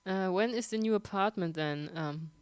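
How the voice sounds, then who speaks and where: A woman's voice: medium pitch, darkish tone, clean tone, dry recording. A young woman with a German accent, a sick livestream host casually answering viewer questions with frequent laughs and ums. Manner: chatty, laughs often, many ums.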